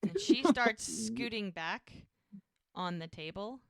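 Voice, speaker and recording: A woman with a mid-range voice co-hosts a podcast, casually recapping a scene and performing the characters' lines herself. Her intonation is lively and her pace a little slow, captured in a dry, studio-quality recording.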